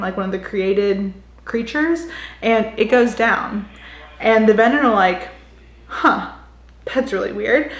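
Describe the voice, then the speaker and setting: A woman's voice: medium pitch, a bit bright. A young adult woman giving a chatty, casual book recap, full of "like" fillers. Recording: echoey room.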